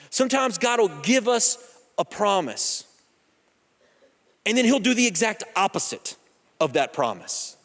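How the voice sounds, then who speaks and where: A man in his thirties preaching a sermon, telling personal stories in a conversational, humorous, animated way. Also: sits high. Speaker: pastor. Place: church sanctuary. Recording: long church hall reverb.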